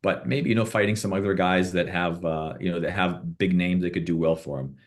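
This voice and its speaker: A boxing manager interviewed on a podcast speaks briskly in a low, steady voice. His stories ramble, full of restarts and quoted back-and-forth dialogue.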